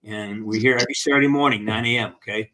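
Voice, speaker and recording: A man's voice: on the low side, steady tone, fast talker, sharp tone. A man hosting a casual live-stream Q&A with fans over a video call, upbeat, encouraging and a bit rambling. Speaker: actor hosting a fan Q&A.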